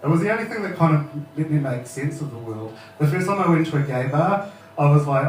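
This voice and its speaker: This stand-up comedian, a man in his thirties from New Zealand, swears casually and laughs along with his own jokes at an open mic. He talks at a quick pace in a fairly high voice with lively intonation, recorded distantly in an echoey room with slight background noise.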